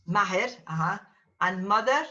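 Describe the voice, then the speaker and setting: Slow-speaking woman teacher drilling pronunciation. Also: mid-range voice, animated, pushed and bright. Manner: patient, drills students by name and corrects pronunciation. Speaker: language teacher. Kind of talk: classroom lesson with learners. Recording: dull lo-fi recording.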